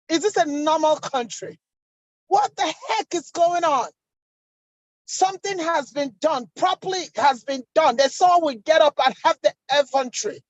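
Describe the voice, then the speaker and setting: Angry high-voiced Nigerian woman. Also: no echo, muffled recording. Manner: angry, rhetorical questioning. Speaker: protest speaker. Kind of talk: impassioned online protest speech. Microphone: video call.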